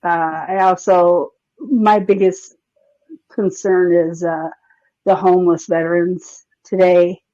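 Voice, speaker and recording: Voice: mid-range voice, little pitch movement, takes it slowly, warm tone, dry recording. A caller on a call-in chat, heartfelt and hesitant, restarting often. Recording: dull lo-fi call audio.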